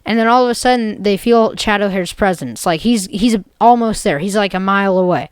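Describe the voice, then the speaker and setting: A woman's voice: medium pitch, fairly quick, smooth, no echo. A woman retelling an absurd made-up story in a rambling, jokey way, full of "basically" and "like". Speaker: video creator.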